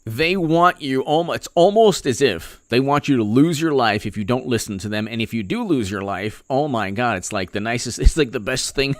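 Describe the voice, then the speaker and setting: A man's voice: fairly high pitch, animated, normal speed, fairly bright tone, no echo, studio quality. Sarcastic man ranting about politics. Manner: sarcastic, mocking, laughs often. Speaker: political commentator. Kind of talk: opinion vlog rant.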